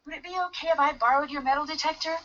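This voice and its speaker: A persistent young detective in a video game, eager and insistent. Her voice is high and bright. The game audio sounds dull and lo-fi. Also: steady tone, rapid-fire. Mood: determined.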